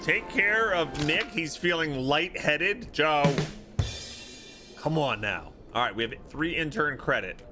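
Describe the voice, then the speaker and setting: A man's voice: a little high, lively intonation, slow pace. A man streaming a video game, chatting and reading game text aloud, with game music behind. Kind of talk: let's play commentary.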